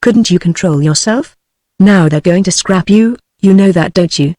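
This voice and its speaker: Synthetic British woman reading earnest young lady, even delivery, dry sound. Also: fairly low pitch, moderate pace, no echo, lightly acted. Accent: British English.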